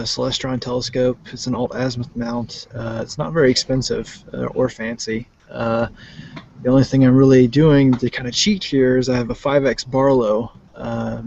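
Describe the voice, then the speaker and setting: A man describes his telescope and camera, pausing often as he goes. His voice is gravelly. The audio sounds dull and lo-fi. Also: medium pitch, steady tone, darkish tone. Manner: hesitant, many uh pauses. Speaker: amateur astronomer guest. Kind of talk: describing equipment on a live stream.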